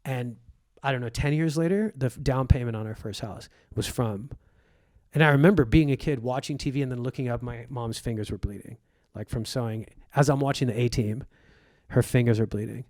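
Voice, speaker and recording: An Egyptian man, a comedian appearing as a guest, recounts colorful childhood stories in conversation and voices the people he quotes. His medium-pitched voice runs a little fast with a darkish tone, and the recording is dry.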